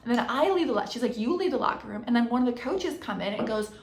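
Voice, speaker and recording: A woman's voice: fairly high pitch, lively intonation, fast, vocal fry, hardly any pauses, a little mellow, reverberant. A woman coach in her thirties telling a personal story on her podcast, earnest and reflective, often restarting and correcting herself mid-sentence.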